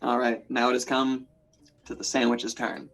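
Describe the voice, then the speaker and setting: A man's voice: mid-range voice, level tone, moderate pace, creaky, fairly bright tone, soft background music. A man running a tabletop game as game master, narrating in a playful, chatty way with lots of fillers.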